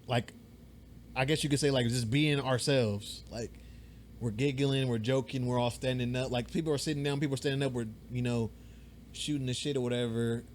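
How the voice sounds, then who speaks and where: A young man co-hosting a podcast, telling a story in a rambling, animated way, swearing freely and acting out the voices of people he quotes. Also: mid-range voice, a little fast, slight background noise. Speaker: podcast co-host. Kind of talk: casual storytelling chat. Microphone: podcast mic.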